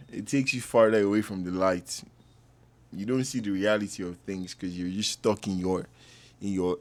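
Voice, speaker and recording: A man reacting to a football match as a fan, loud and trash-talking, with bursts of shouting. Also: fairly low pitch.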